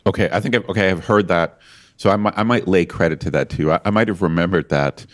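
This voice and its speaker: A podcast co-host with a low voice talks fast in casual conversation. He rambles, pokes fun at himself and restarts his sentences a lot.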